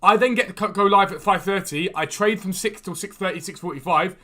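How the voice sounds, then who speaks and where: A man hosting a gaming livestream, chatting quickly and enthusiastically as he trades and answers questions from chat. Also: sits high, sharp tone. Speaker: gaming streamer and video host. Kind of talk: casual livestream chat while trading in a football game. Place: room at home with a door.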